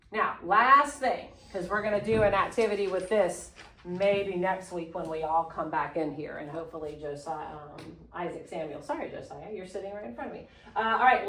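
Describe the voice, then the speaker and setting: A woman teaching a Spanish class, slowly modeling phrases for students to repeat. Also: medium pitch, slight background noise. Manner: patient, slow modeling of phrases. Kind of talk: classroom lesson. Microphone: phone camera propped on a water bottle. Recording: echoey classroom.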